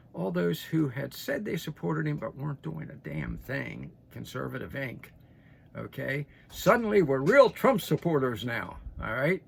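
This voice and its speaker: A little high and gravelly, this older man's voice sounds slightly rough as he delivers opinionated news commentary. The political commentator speaks in a folksy, emphatic way to his audience, frequently restarting and tossing in "okay?"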